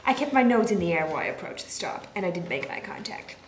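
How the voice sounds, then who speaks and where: A woman in a creative writing group reads her own story aloud to a small gathering, playful and laughing at her dramatic lines. Her medium-pitched voice is expressive and quick, and the room is echoey with faint background noise.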